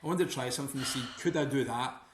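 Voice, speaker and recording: Scottish man, mid-pitched voice, casual rambling podcast guest, roomy echo. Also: fast talker, a little hiss or hum. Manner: rambling, many restarts and "you know". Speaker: guest author and teacher.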